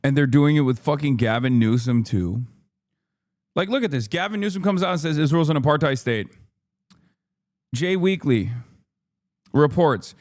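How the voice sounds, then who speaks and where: A man's voice: a little high, expressive, moderate pace, pauses often, a little mellow, no room sound, studio quality. A man hosting a live stream, giving heated, profane political commentary and sometimes slipping into mocking put-on voices. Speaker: streamer host.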